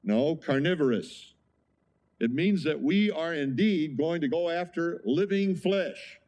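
A man's voice: fairly high pitch, measured pace, darkish tone. A man preaching a sermon as pastor, conversational, with frequent rhetorical questions to the congregation.

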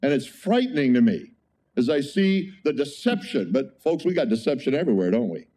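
A man preaching a conversational sermon as a pastor, telling an animated story with frequent exclamations. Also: mid-range voice, a little fast.

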